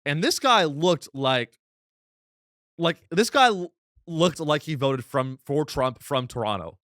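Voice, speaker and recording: A man hosting a comedy podcast, delivering a deadpan, rambling satirical monologue full of restarts. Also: on the high side, takes it slowly, no echo, clean studio sound. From United States.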